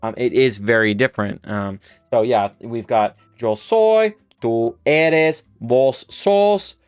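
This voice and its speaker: Smooth-voiced man teaching Spanish live. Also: mid-range voice, slow, no echo, faint music behind. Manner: casual, thinking aloud with fillers and restarts while writing on a board. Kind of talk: live-streamed language lesson.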